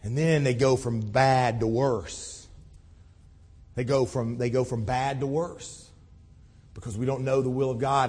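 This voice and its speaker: A man preaching a sermon with impassioned delivery, his voice swelling loud and then dropping low. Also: steady tone, a little slow, breathy edge. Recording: long reverb in a large hall.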